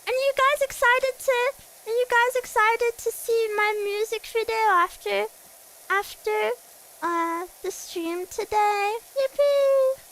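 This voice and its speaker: A woman's voice: very high voice, fairly even intonation, unhurried, pushed and bright, low-quality recording. A woman streamer chatting casually with her viewers while playing a game, bubbly and giggly. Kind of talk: casual chat while gaming.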